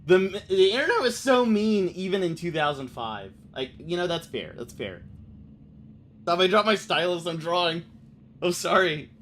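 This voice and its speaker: A man's voice: sits high, big pitch swings, moderate pace, a bit bright, slight background noise. A male game streamer talks to his chat in a slightly raised voice, loose and profane. He reacts aloud as he reads the game's text. Faint ambience sits behind him. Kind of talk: let's play gaming commentary.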